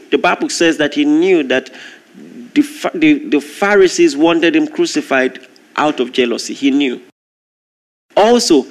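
A man preaching a sermon, retelling a story with lively, acted-out voices. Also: a little high. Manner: animated storytelling, acting out crowd shouts.

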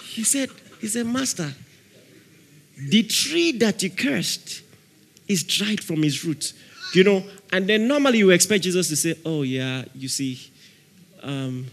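A man preaching a sermon as pastor, animated, laughing often and shouting out dramatic prayer examples. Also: sits high, a little slow, gravelly. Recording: long reverb of a large hall.

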